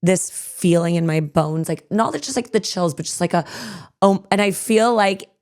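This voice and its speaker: A woman's voice: on the low side, moderate pace, darkish tone. A woman hosting a casual podcast chat, reacting with frequent exclamations and musing aloud.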